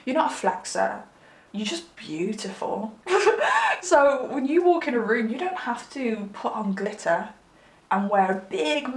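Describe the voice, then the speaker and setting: A woman's voice: on the high side, reverberant, low-quality recording. A woman giving a pick-a-card tarot reading in an affectionate, chatty, rambling way with lots of fillers, a little under the weather. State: slightly unwell. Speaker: tarot reader.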